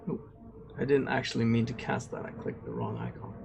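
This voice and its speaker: A man playing a tabletop game casually, giving relaxed, brief answers. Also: mid-range voice, brisk, gravelly, a little hiss or hum. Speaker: player.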